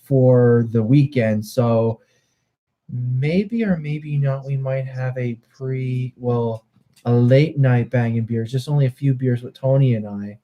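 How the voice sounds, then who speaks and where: A man's voice: mid-range voice, takes it slowly, muffled recording. A man co-hosting a podcast, easygoing and rambling while making a plug in casual chat. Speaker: podcast co-host.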